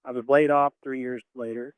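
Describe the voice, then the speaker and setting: Man, radio caller, rambling storyteller, smooth clear voice, dry close sound. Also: medium pitch, fairly even intonation, fairly quick, dry recording. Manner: rambling, full of "like" and "you know". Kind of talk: emotional call-in storytelling.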